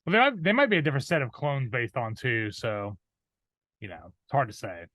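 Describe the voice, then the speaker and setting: A man's voice: medium pitch, sing-song, brisk, pushed and bright, no echo. A man co-hosting a podcast, mostly giving short, laid-back agreeing replies in casual chat. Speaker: podcast co-host.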